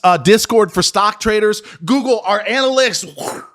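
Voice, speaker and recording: A high-pitched American man hosts his own stock trading channel. He is brash and boastful, swears freely and talks in a casual, excitable run of market commentary. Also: moderate pace. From United States.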